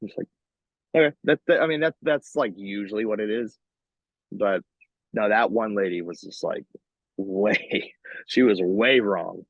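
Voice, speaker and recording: A gravelly, husky man with a fairly low voice, telling animated stories on a podcast in loose, casual chat. He swears freely and breaks into laughter. The audio is dull, lo-fi and dry. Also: measured pace, no room sound. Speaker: metal band vocalist, podcast guest.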